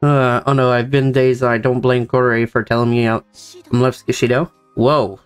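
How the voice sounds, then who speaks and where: A man's voice: mid-range voice, level tone, clean tone, faint music behind. A young man reading a visual novel's dialogue aloud for the characters, with joking asides of his own. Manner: plays each character in quick shifts of voice, joking asides. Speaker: gameplay narrator.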